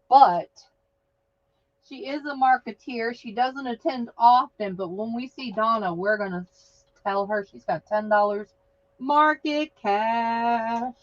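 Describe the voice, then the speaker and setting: A woman hosting a live stream with a fairly high voice that leaps between whoops and low, unhurried asides. She talks slowly and cheers winners with exuberant energy. The audio is dry and a little dull, like lo-fi stream sound. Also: dry recording. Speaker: host of an online craft market.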